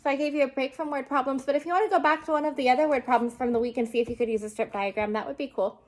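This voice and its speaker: A young adult woman teaching a remote lesson, slowly and patiently sounding out words for children. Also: high-pitched, fairly even intonation.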